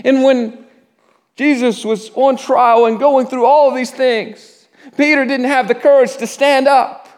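A man preaching a sermon in a church, often restarting his words and dropping to a hush at the solemn parts. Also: very high-pitched, fairly even intonation. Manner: halting restarts, drops to a hush at solemn moments. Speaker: pastor.

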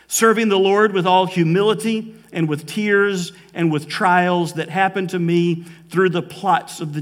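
A male pastor preaches from the pulpit, his voice sitting high and carrying heartfelt conviction. He slows down to press his key points and turns emotional at times. A long reverb fills the church sanctuary behind him. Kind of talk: sermon. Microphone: live preaching mic.

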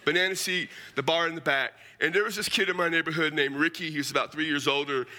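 A man's voice: a little high, fast talker, pushed and bright. A middle-aged man preaching a storytelling sermon, folksy and humorous, often calling his listeners "man".

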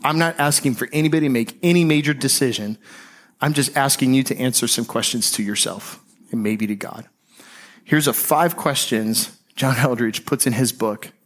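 A man preaching a sermon as pastor, speaking conversationally and slowing and softening on key phrases. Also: medium pitch.

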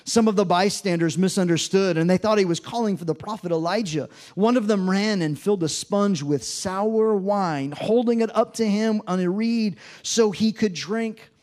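A man's voice: sits high, moderate pace, few pauses, a little mellow. A man preaching a sermon, reading scripture aloud and acting out the mocking voices with drama. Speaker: pastor.

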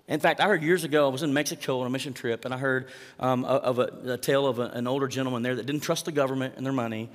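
A man preaching a sermon in a relaxed, conversational way, sometimes acting out lines from the text. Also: medium pitch, very fast. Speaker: pastor. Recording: long hall reverb.

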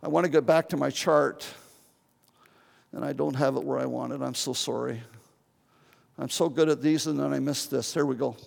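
A man's voice: mid-range voice, steady tone, moderate pace, vocal fry, long pauses, big-room sound. A man in his seventies preaching a sermon as pastor, earnest and often repeating and restarting his words. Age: 70s. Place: church.

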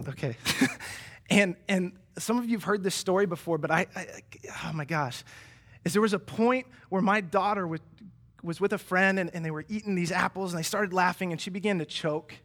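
A man's voice: high voice, fairly bright tone. A man preaching a sermon in a casual, conversational way, with frequent fillers and emphatic stretches. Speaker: pastor.

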